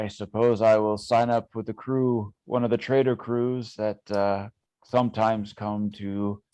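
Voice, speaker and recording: A man voicing a weary male guard who wants a safe life, speaking slow and hesitant. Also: on the low side, a little mellow, clear, resonant tone, dry recording.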